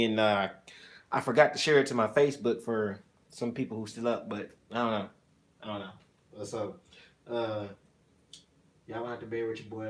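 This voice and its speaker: A man hosting a casual livestream, teasing and joking with his chat viewers and talking into an iPhone on a selfie stick. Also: medium pitch. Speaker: streamer hosting his own channel.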